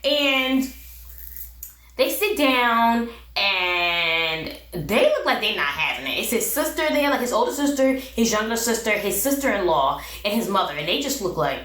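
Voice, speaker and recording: A woman's voice: mid-range voice, sing-song, measured pace, a bit bright. A woman giving a chatty, sassy recap of a TV episode, laughing often. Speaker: recap vlogger. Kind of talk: casual review chat. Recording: echoey room, voice a bit far from mic.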